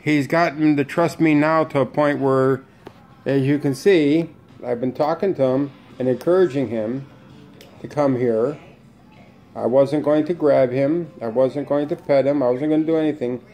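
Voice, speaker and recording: In a home room filled with his birds, a man casually narrates footage of his pet parakeets with a steady, slightly mellow voice at moderate pace. Turning to the bird, he coaxes it in a high sing-song.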